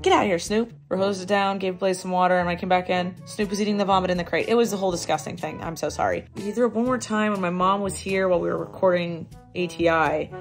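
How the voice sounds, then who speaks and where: A young woman vlogging in a chatty, rambling way with dry sarcastic asides. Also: on the low side. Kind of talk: casual vlog chat.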